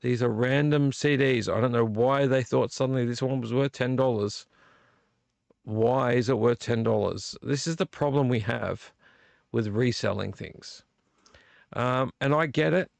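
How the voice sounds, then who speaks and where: A man's voice: medium pitch, unhurried, gravelly, no echo. A man hosting his own live vlog, ranting with repeated rhetorical questions about collecting. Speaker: vlog host. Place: home room.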